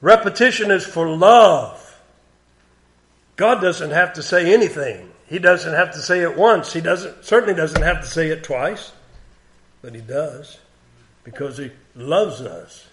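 A male preacher delivering a sermon in an unhurried, conversational manner. His voice sits a little higher than most men's, and he leans on repetition to drive his points home. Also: lively intonation, a bit bright. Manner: plain conversational preaching, repeats words for emphasis.

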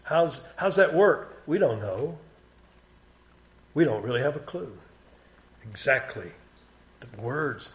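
A man preaching a sermon in a plain conversational way, repeating key words for emphasis. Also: fairly high pitch.

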